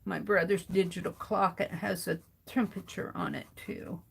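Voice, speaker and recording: A middle-aged woman art vlogger sketches and chats casually to herself, musing slowly over what to draw next. Her voice is gravelly, slightly rough and fairly low, with fairly even intonation.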